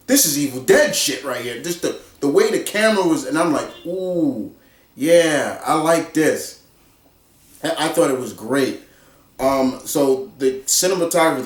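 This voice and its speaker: A man giving a casual spoken film review, excitable and repetitive, acting out his own reactions. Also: on the high side, echoey room, distant mic. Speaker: movie reviewer.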